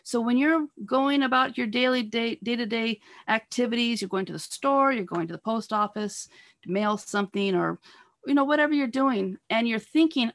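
A woman giving an earnest sermon over a video call, pressing her listeners with repeated rhetorical questions and halting now and then on fillers and restarts. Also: on the high side. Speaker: speaker at a church talk on marriage.

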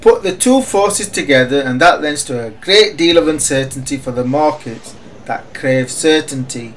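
A man's voice: a little high, animated, moderate pace, a little hiss or hum. A man reading scripted market commentary in an emphatic, sardonic way. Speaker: market analyst.

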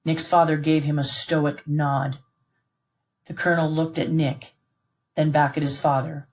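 A woman narrating a novel aloud in a steady, clear, unhurried reading voice. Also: low-pitched.

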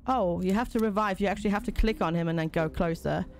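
A woman's voice: lowish voice, quick pace, slight background noise. A woman casually commenting on a game during a live stream, reading on-screen tutorial text aloud and chatting with and thanking viewers.

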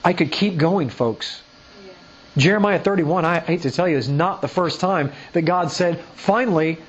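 A man's voice: sits high, animated, normal speed, lo-fi sound, slight background noise. A male pastor giving a sermon, pressing his point with rhetorical questions and reading scripture aloud. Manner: emphatic, full of rhetorical questions. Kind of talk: sermon teaching.

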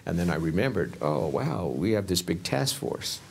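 A man's voice: low-pitched, very animated, normal speed, vocal fry, a little hiss or hum. A man who worked as a police investigator, telling his story in an interview in a plain-spoken way and often retelling what was said. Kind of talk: interview recollection. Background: documentary music.

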